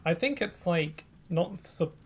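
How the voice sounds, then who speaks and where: A man's voice: fairly high pitch, animated, unhurried. A man streaming a game, chatting casually with many fillers and restarts. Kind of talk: casual gameplay commentary.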